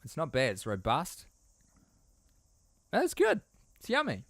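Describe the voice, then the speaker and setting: A man's voice: fairly high pitch, huge pitch swings, slow, fairly bright tone, no echo. Playful man, mock-serious host. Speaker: podcast co-host. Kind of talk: casual podcast banter.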